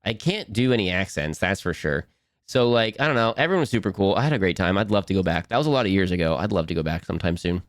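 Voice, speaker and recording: A man's voice: sits low, lively intonation, racing, hardly any pauses, dry recording, clean studio sound. A man hosting a cartoon watch-along stream from home at his computer, rambling and giggling as he answers chat. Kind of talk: casual live-stream chat.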